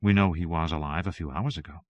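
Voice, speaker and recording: A man reading a calm woman pilot. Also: low voice, fast, no room sound, dull audio, voice pushed down, natural voice.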